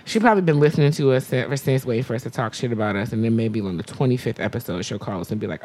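A woman in her thirties co-hosting a podcast in an easy, casual chat. She talks in an animated, emphatic way, with a very low voice. She swears freely. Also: rapid-fire, hardly any pauses, slight background noise. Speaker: podcast co-host.

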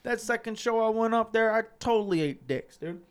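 A young man chatting on a podcast with a fairly high voice. He tells loose, profane stories and laughs as he talks. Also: expressive, brisk, smooth. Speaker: podcast co-host. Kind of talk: casual chat.

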